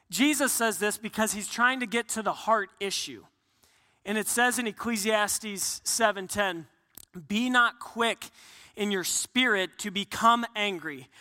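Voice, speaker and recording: A man preaches a sermon in a high, piercingly bright voice. He talks earnestly, restarts his phrases and acts out quotes. His voice rings with long reverb from a large hall. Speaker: pastor.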